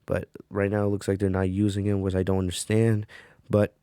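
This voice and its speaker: A man's voice: lowish voice, completely flat delivery, fairly quick, warm tone, smooth, dry recording, clean studio sound. A man hosting a wrestling review podcast, talking casually with lots of fillers and "right?" tags.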